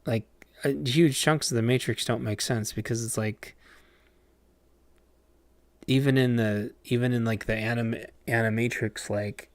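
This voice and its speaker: A man's voice: medium pitch, fairly even intonation, measured pace, long pauses, dry recording. A man casually chatting on a livestream while playing a game, rambling with lots of fillers and restarts. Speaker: game streamer.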